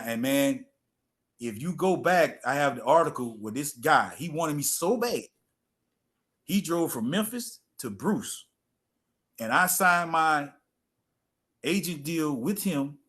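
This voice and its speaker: A man's voice: a little high, fairly bright tone. A middle-aged man, a former football player telling stories as a guest in a casual interview and repeating phrases for emphasis.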